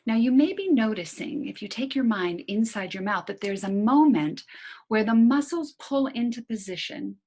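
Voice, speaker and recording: A woman teaching a singing lesson, calmly guiding listeners through gentle breathing and vowel exercises. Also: fairly high pitch, normal speed. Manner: calm, coaching breath instructions. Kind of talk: guided voice lesson.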